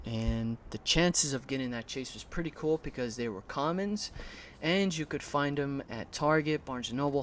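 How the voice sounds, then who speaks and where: A man telling a heated, animated story about a bad collecting experience, his voice shaking with anger and peppered with swearing. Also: mid-range voice, slight background noise. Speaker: collector vlogger. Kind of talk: casual storytime.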